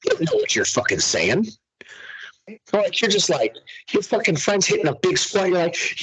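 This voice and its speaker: Ranting, swearing young man, husky voice. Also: high-pitched, normal speed, rough recording. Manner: animated, ranting, heavy swearing. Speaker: podcast host. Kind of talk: profane casual chat.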